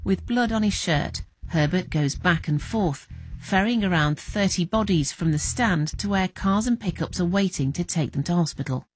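Low, breathy woman narrating. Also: moderate pace, no room sound, faint music behind. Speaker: documentary narrator. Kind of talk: scripted narration.

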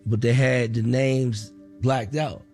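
A man's voice: medium pitch, fairly even intonation, slow, darkish tone, soft background music. Emotional man recalling his story. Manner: emotional, plainspoken. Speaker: interviewee. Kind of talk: personal account.

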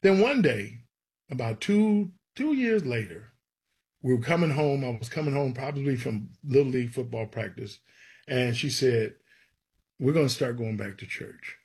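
Telling life stories in an interview, a male gospel songwriter acts out the people he quotes with real animation. He has a husky, mid-range voice and keeps a moderate pace.

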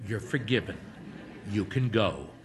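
A man voicing a weary, flustered priest who talks low, hushed and hurried. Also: animated, big-room sound, background noise. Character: flustered young male priest, weary and uneasy.

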